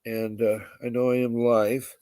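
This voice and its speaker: A man hosting a live-streamed podcast and reading out housekeeping notes in a halting way, with many fillers, restarting and repeating details slowly. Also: mid-range voice, level tone, dark tone, clear, resonant tone. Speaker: podcast host.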